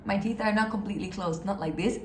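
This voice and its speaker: A woman's voice: mid-range voice, a little mellow, slight background noise. Brief: encouraging woman language teacher, recorded a little off-mic in a roomy space. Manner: upbeat, encouraging, demonstrates sounds slowly. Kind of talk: step-by-step pronunciation lesson. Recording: echoey room, slightly distant mic, faint ambience.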